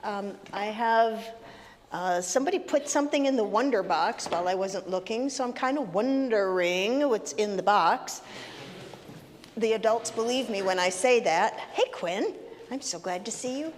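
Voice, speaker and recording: Leading children's story time as minister, a woman chats with the kids in a teasing, sing-song, playful way. Her voice is medium-pitched with lively intonation and normal speed. She is in a congregation's sanctuary, recorded with long hall reverb and faint ambient noise.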